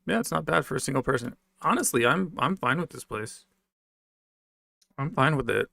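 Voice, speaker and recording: A man with a gravelly, creaky voice talks to his livestream chat in a loose, rambling way, full of sarcasm and swearing. His pitch sits at an everyday middle. The sound is dry and close, with no room echo. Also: animated, moderate pace, pushed and bright. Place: basement apartment at home.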